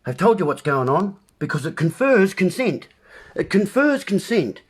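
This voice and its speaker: Husky New man punning. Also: sits high, very animated, normal speed. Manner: playful wordplay, addresses listeners as folks. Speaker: host. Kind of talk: rambling monologue.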